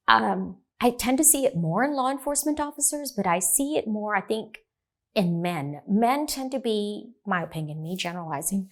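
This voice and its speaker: A middle-aged woman, a divorce lawyer, talking in an animated storytelling way and acting out the dialogue. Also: medium pitch, moderate pace. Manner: animated, acts out quoted dialogue. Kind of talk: storytelling in a podcast interview.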